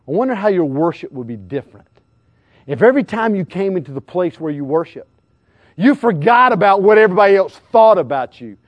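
Man, evangelist sermon, high voice, dry close sound, animated, questions the crowd. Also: no echo. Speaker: evangelist preacher.

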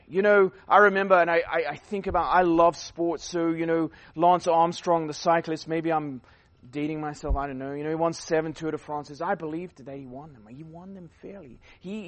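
At a youth conference, a high-voiced man preaches a conversational sermon. He rambles, restarting sentences and using fillers, and swings from loud emphasis to quiet asides.

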